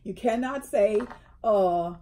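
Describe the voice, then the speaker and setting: A woman's voice: medium pitch, slow. A middle-aged woman co-hosting a casual chat, telling stories and acting out the people in them. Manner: animated storyteller, acts out quotes. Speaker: co-host. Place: indoors, tea table chat.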